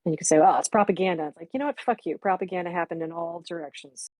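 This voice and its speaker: A woman's voice: lowish voice, rapid-fire, darkish tone, no room sound. A woman in her sixties reminiscing candidly and reflectively, speaking frankly and swearing bluntly at times. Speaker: memorial stream guest.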